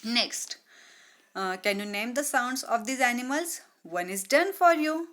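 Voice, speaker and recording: Slow, lively woman teaching children. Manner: slow and deliberate, repeating words; mimics animal sounds in a high voice. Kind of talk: grammar lesson for young children.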